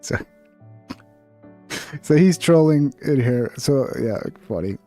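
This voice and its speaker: A man's voice: medium pitch, animated, slow pace, dark tone, faint music behind. A man hosting a live reaction stream, commentating on clips with crude, mocking banter. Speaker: livestream host reacting to clips.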